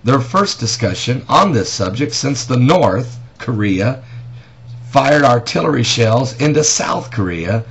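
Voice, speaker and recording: Here the same kind of casual news-and-prophecy vlog comes from a pastor with a gravelly, expressive mid-range voice and a measured pace. He reads from an article and breaks off for emphatic remarks and sharp rhetorical questions, all captured in dull lo-fi sound carrying faint noise.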